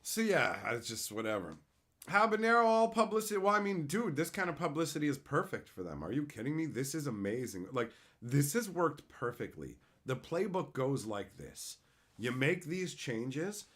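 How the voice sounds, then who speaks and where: A man ranting on a live stream, his pitch swinging widely as he talks. He is sarcastic and swears freely, and he breaks off to answer his chat. His voice sits at an ordinary middle pitch for a man. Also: sing-song, moderate pace, fairly bright tone. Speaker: streamer host. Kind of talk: profane livestream rant.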